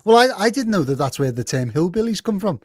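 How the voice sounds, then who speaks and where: A man's voice: high voice, big pitch swings, fast, breathy edge, no echo, clean studio sound. Liverpudlian man telling rowdy stories. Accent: Liverpool English. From Liverpool, England. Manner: swearing, laughing anecdotes, acts out quotes. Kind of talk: casual chat, storytelling.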